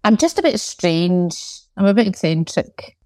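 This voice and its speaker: A woman's voice: lowish voice, very animated, a little slow, darkish tone, no room sound. A Scottish woman in her forties, a guest in a casual interview, talking candidly with self-deprecating, dry sarcastic humour. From Scotland. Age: 40s.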